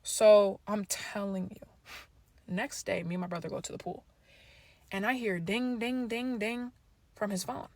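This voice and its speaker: A young woman telling a storytime story to camera in a lively, animated way, acting out family members' lines. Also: mid-range voice, unhurried, dry recording. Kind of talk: storytime vlog.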